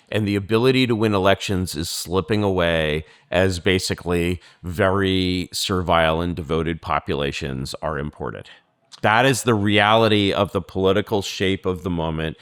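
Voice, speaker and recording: Low-voiced man rambling through an interview. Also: normal speed, fairly bright tone, clear, resonant tone, dry recording, clean studio sound. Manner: rambling, digressive, many fillers. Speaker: guest. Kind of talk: political interview.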